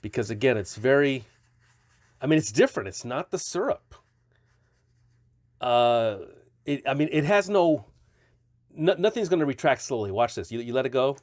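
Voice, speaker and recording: A man's voice: mid-range voice, expressive, normal speed, long pauses, darkish tone, no echo, clean studio sound. A man casually reviewing stretchy toy figures, chatty and rambling, often correcting himself mid-sentence.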